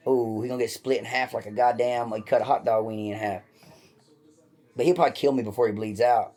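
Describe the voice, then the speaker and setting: A man's voice: medium pitch, steady tone, fast, mellow. A man co-hosting a comedy podcast, telling crude stories in a rambling, profane way and jumping into voices for the people in them. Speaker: podcast co-host.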